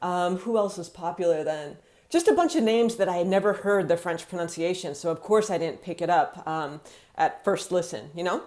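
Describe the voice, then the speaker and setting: An American woman living in France, talking casually to camera and acting out quotes in a chatty, animated way. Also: fairly low pitch, normal speed. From United States.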